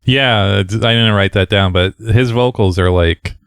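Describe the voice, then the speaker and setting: A man's voice: fairly low pitch, unhurried, smooth, no echo, clean studio sound. A man co-hosting a podcast, chatting casually about a punk record with lots of fillers and easygoing asides. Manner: relaxed, rambling, frequent fillers and laughs. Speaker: podcast co-host. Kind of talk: casual record-review chat.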